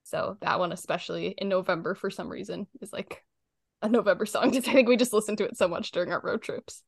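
A young woman talks casually as a co-host, full of enthusiasm and breaking into frequent laughter. Her voice sits in an ordinary middle pitch. The sound is dry and close, with no room around it. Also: steady tone, quick pace, creaky, slightly rough, no echo. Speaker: podcast co-host. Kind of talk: casual chat.

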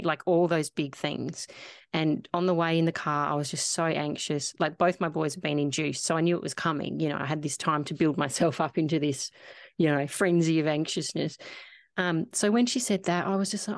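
Low-voiced woman podcast host, dry sound. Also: normal speed, dry recording. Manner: open and emotional personal storytelling, many "like" fillers. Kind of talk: casual chat.

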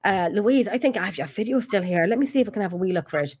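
A woman's voice: mid-range voice, expressive, very fast, darkish tone, slightly rough. Chatty Irish woman hosting a live show. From Ireland. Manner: chatty, reads viewer comments aloud. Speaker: host. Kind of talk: casual live-stream chat.

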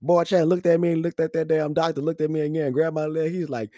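On a studio podcast mic with a dry, close, echo-free sound, a man in his thirties from Houston, Texas talks quickly in a voice on the high side. The casual monologue is animated storytelling, full of acted-out voices and frequent laughter.

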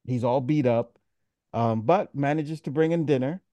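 A man's voice: mid-range voice, moderate pace, mellow, no echo. A man hosts a laid-back movie review chat, retelling the plot with fillers and little laughs. His voice sits dry and close to the mic. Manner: laughing, rambling recaps with fillers. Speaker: podcast host.

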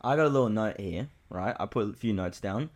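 A young man, co-hosting a podcast and telling a story in an animated, rambling way with many fillers. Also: on the low side, brisk. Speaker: podcast co-host. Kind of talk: casual storytelling chat.

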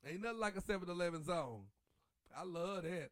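Male host, high-pitched, lively and preachy, dry recording. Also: fairly quick, no echo. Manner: animated, preachy, sings church lines. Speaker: podcast host. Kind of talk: casual chat.

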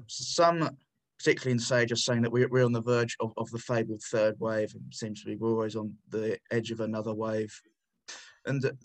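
Male podcast commentator, combative and sardonic, stumbling restarts, average-pitched voice. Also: poor audio. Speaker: podcast contributor.

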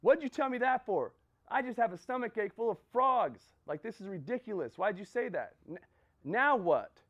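A man's voice: sits high, lively intonation, moderate pace, fairly bright tone, muffled recording, pitched above the performer's own voice. A man voicing an exasperated young male mountain climber who complains in incredulous outbursts. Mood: angry.

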